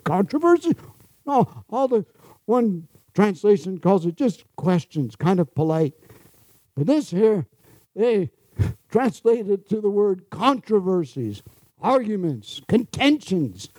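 A man's voice: high voice, big pitch swings, a little slow, a little mellow, dry recording. A man preaching a sermon, chuckling often, with sarcastic asides and acted-out quotes of the people he talks about.

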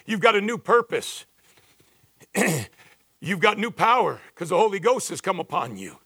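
A man in his sixties preaching a sermon, building to emphatic peaks and dropping low and confiding when he tells stories. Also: big pitch swings, measured pace, pushed and bright, breathy edge, no room sound. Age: 60s. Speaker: pastor.

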